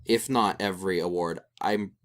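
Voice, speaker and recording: With a low-pitched voice at normal speed, a young man co-hosts a podcast, chatting animatedly and meandering, his speech full of fillers.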